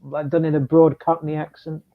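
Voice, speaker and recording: A man talking casually on a video call, often pausing and searching for words. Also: on the high side, flat delivery, narrow, tinny audio. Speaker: podcast co-host. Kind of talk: casual chat.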